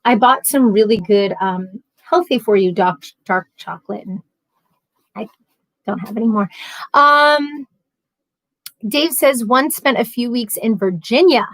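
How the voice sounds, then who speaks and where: A woman's voice: a little high, a little slow, long pauses, fairly bright tone, no echo. A woman with a New York accent chatting casually as a livestream host, reading chat messages aloud and rambling with frequent laughs.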